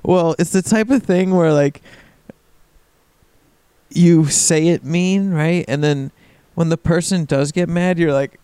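A man's voice: on the high side, takes it slowly, dark tone, smooth, no room sound. A man co-hosting a casual podcast, laid-back and teasing, answering with short replies and easy laughs. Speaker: podcast co-host. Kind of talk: casual chat.

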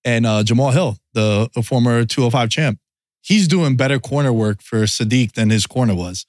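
A man's voice: medium pitch, moderate pace, no echo, studio quality. Casual male podcast host telling a story. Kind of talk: casual sports chat.

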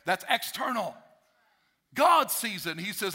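A man's voice: sits high, expressive, fairly quick, sharp tone. A male pastor preaching a sermon emphatically, repeating key phrases for effect.

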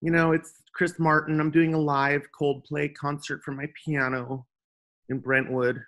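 A man's voice: on the high side, little pitch movement, a little slow, a bit bright, pitched above the performer's own voice. A man putting on a chirpy British accent as a famous male pop singer greeting his fans. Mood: breezy. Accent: put-on British.

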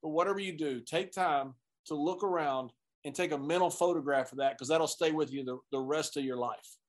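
A man's voice: on the high side, a little fast. A man in a casual podcast chat, telling stories in a friendly way with a chuckle and passing on advice.

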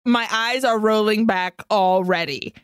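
A woman's voice: mid-range voice, measured pace, clear, resonant tone, no room sound. A woman co-hosting a podcast in casual chat, exasperated, laughing a lot and swearing freely. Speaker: podcast co-host.

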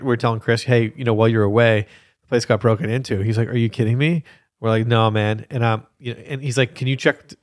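Man, podcast co-host, casual chat, animated, laughing, telling stories. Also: mid-range voice.

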